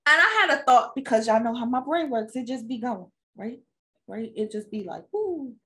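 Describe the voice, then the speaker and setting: A woman's voice: fairly high pitch, brisk, a little hiss or hum. A woman co-hosting a podcast, telling a casual family story with frequent laughs. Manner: laughs often, relaxed storyteller. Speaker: podcast co-host; mother and stepmother.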